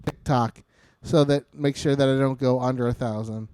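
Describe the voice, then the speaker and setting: A man's voice: mid-range voice, steady tone, normal speed, warm tone, clear, resonant tone, dry recording. A young man co-hosting a podcast, chatting casually and joking around with frequent swearing. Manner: profane, joking, rambling. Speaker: podcast co-host. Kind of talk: casual chat.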